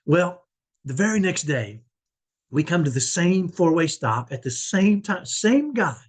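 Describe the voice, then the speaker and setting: A man's voice: on the high side, big pitch swings, unhurried, husky. A man talking about his life as a parent, telling a personal story in a conversational way and often tagging his sentences with "right?". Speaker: parent vlogger.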